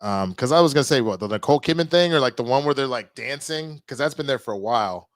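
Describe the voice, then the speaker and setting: A man streaming live, chatting casually with his viewers, reading their messages and reacting loudly to clips. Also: mid-range voice, fast talker, dry recording. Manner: animated, reacts loudly to clips and reads chat.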